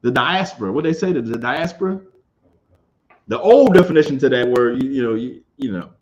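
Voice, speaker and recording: A man's voice: medium pitch, lively intonation, fairly quick, darkish tone, low-quality recording. A man teaching an informal scripture class. He talks emphatically, repeats his phrases and keeps asking whether his listeners understand.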